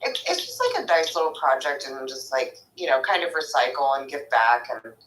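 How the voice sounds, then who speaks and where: Giggly woman chatting, bright echoey voice. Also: rumbling low, very animated, brisk, a little hiss or hum. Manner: giggly, says "like" constantly, shouts joke words. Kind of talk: casual chat. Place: her van. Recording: echoey room.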